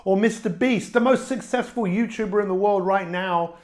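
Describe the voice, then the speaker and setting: A middle-aged man with a fairly high voice gives a motivational talk straight to camera as a life coach. He presses hard on key words, jumping up in pitch and loudness before dropping low and quiet again. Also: moderate pace. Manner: emphatic, with big swings in pitch and loudness.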